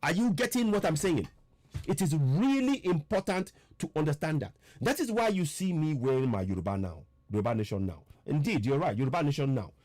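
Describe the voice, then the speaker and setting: Emphatic man, lively pitch. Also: no echo. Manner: emphatic, repetitive, urging listeners to listen. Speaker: political commentator. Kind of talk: impassioned online broadcast talk.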